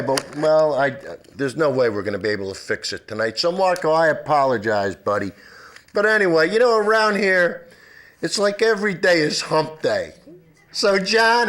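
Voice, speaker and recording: A man's voice: high-pitched, a bit bright, a little hiss or hum. A man hosting a live public-access TV show, rambling and apologetic, with fillers and nervous laughs.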